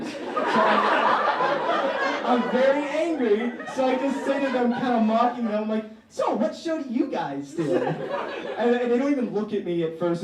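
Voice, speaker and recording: A young man telling a story in a stand-up comedy set, animated and theatrical. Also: sits high, recorded from a distance, heavy background noise. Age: young adult. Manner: animated, theatrical, shouting when quoting himself. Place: comedy stage in a room with a live audience. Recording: echoey room, mic from afar, audience laughter.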